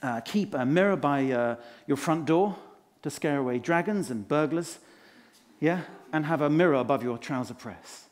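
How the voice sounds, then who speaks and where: Slightly high and expressive, close to an everyday voice at a moderate pace, a man performs a vain, pompous management guru in a live comedy show. Boasting from a conference stage, he delivers showy rhymes and tests the audience with questions.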